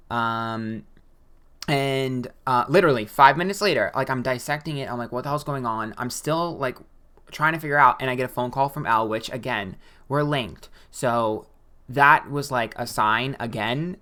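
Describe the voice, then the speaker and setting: Psychic vlogger with a bright tone, casual storyteller who swears and gets loud for emphasis. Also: mid-range voice, smooth. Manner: animated and profane, with loud emphatic bursts. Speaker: psychic and tarot reader.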